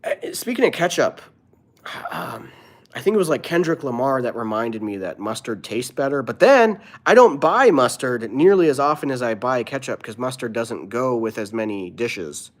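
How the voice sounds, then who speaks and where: A man's voice: medium pitch, lively intonation, moderate pace. A man who is a comedian, live streaming and answering his viewers' chat in an earnest, opinionated way.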